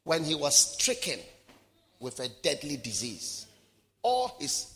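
A man preaching a sermon, swinging from shouted lines to hushed asides. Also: a little high, very animated, slow pace, long pauses, in a large hall. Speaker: pastor.

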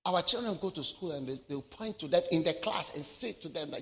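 Preacher in a reverberant hall. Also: male voice, fairly high pitch, animated, a little fast. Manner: dramatic swings from shouts to hushed asides. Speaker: pastor. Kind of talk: sermon.

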